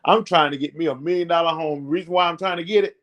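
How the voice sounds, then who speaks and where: With a slightly high, somewhat bright voice and a quick pace, a middle-aged network marketing channel host pumps up his viewers in a motivational talk. He is preachy and repeats himself, getting fired up as he encourages them.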